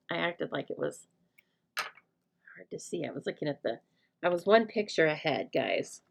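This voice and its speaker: A woman's voice: fairly low pitch, creaky, a bit bright. A middle-aged woman demonstrating a stamping craft, chatting and thinking aloud as she works, joking with her viewers. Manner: chatty, jokey, thinking aloud while working. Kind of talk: live crafting tutorial chat.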